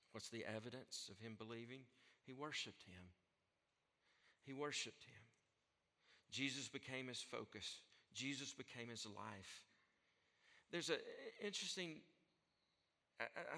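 A man preaching a sermon as pastor, moving between soft, hushed lines and loud, emphatic declarations. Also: medium pitch, long reverb tail. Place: church sanctuary.

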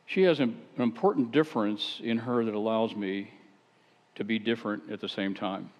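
A man's voice: fairly low pitch, normal speed, darkish tone. Chatty preacher man in an echoey hall. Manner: chatty and rhetorical, with wry asides and self-deprecating stories. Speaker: pastor. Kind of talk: conversational sermon. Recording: echoey hall, dull lo-fi sound.

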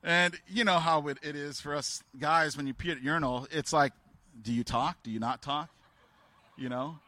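Guy giving a sermon, kinda high bright voice, stumbles and restarts a lot, acts out people in his stories. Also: dry recording. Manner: halting and candid, with frequent restarts. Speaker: preacher. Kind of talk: sermon told as personal stories.

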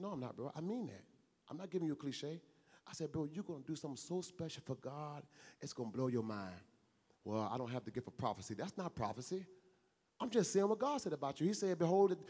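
Guy preaching, kinda high voice, earnest and chatty, lots of repeating, long echo like a big hall. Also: a little mellow. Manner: earnest, repetitive, conversational preaching with acted-out dialogue. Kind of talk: sermon.

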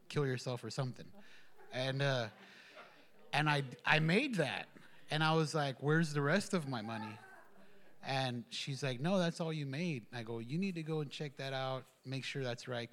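A man's voice: medium pitch, moderate pace, a bit bright. A man telling a personal testimony at a church gathering, rambling, with many fillers and restarts. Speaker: church member giving a testimony. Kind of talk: casual spoken testimony.

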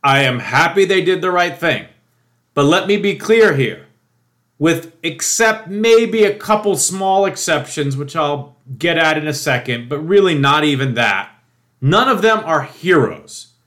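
Fired-up male commentator, higher voice, swears freely, emphatic and scornful. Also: a bit bright. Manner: profane, indignant, emphatic ranting; mocking quoted voices. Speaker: political commentator. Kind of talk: opinion monologue.

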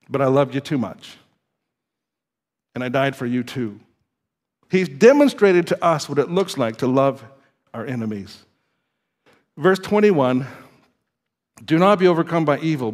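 A male pastor preaching a sermon to his church, moving between quiet reading and emphatic, lively exhortation. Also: medium pitch, moderate pace, pauses often. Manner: lively, swings from quiet to emphatic, with laughs and stumbles.

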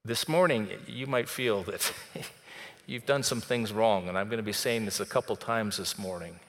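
Guy preaching a sermon, bright voice, goes quiet then punchy, big church echo. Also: on the low side, normal speed. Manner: conversational preaching, swings from soft to emphatic. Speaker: pastor.

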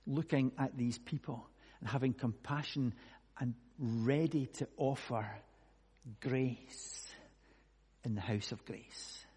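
Husky preacher in echoing hall. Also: male voice, mid-range voice, slow. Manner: musing, asks many rhetorical questions, swings between hushed and loud. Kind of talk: conversational sermon. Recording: long echoey hall reverb.

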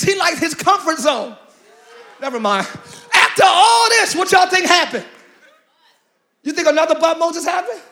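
A man preaching a sermon in an animated, slangy, joking style, with loud delivery. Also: very high voice, moderate pace, pauses often.

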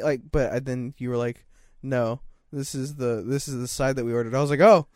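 A man's voice: mid-range voice, fairly even intonation, fairly quick, a little mellow, no echo, clean studio sound. A young man in casual chat, laid-back and slangy, swearing as he tells his side of the story.

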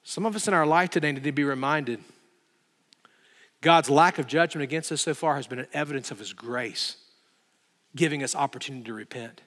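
Bright-voiced emphatic preacher man. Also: medium pitch, a little fast, pauses often, big-room sound. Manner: emphatic, building intensity, dramatic retelling. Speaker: pastor. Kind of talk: sermon.

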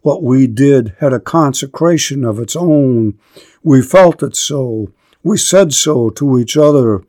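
A man's voice: mid-range voice, animated, measured pace, a little mellow, no room sound, studio quality. A man voicing a desperate, pleading woman. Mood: hushed. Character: desperate pleading woman, young adult, steadfast.

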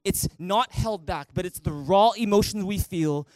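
Guy pastor preaching a sermon, fairly high voice, dry close sound, calls out to the crowd to read along. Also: unhurried, a little mellow, no echo. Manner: preaching with congregation call-and-response. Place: church in Canada.

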